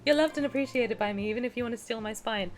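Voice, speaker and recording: Young woman streamer, casual reaction chat, bubbly and laugh-prone. Slightly high voice, faint music under. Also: fast. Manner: bubbly, gushing, often breaks into laughter.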